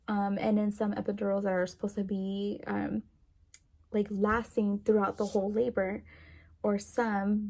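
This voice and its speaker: Gravelly, mellow-voiced young woman vlogging. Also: mid-range voice. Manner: chatty, rambling, many fillers. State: emotional, near tears. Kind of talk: casual chat to camera.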